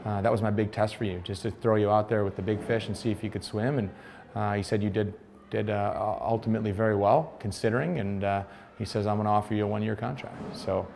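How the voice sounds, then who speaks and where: An American man in his thirties, a former pro soccer player, tells his story in a lowish voice. He acts out the lines of the people he quotes. A faint hum of the room sits behind him. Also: fast, vocal fry. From United States. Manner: animated retelling, acts out quoted dialogue. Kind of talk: storytelling interview.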